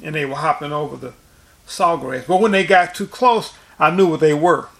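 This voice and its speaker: A man's voice: on the high side, normal speed, vocal fry, a bit bright. A man preaching informally and recounting a dream, rambling with frequent restarts and repeated words. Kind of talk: informal sermon and dream testimony.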